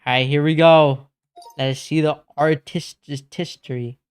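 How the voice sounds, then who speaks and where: Male streamer, laid-back slangy chat, clear voice, slow delivery. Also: fairly high pitch, steady tone. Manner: slangy, calls everyone bro; reads and answers chat. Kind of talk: casual livestream chat.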